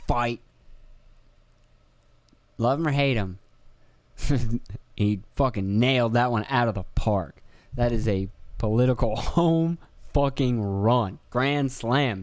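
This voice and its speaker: A man's voice: mid-range voice, no echo. A young man hosting a podcast, rambling in a casual monologue, swearing freely and jokingly acting out other people's voices. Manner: swearing, jokey, acts out quoted voices. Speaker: podcast host.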